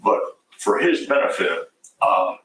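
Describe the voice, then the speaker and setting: A man's voice: measured pace, a bit bright. A man, an attorney, asking leading, methodical questions in a police interview. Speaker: defense attorney. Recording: echoey room, distant mic, faint hiss.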